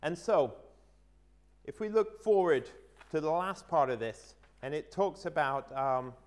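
Speaking unhurriedly in a fairly high voice, a man preaches a sermon and relates an illustration. His earnest emphasis shifts between lively stresses and quiet asides.

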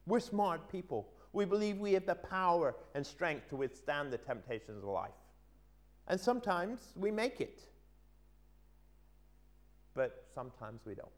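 A man preaching a sermon, telling an illustration with earnest emphasis that swings between lively stresses and quiet asides. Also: fairly high pitch, measured pace, long pauses.

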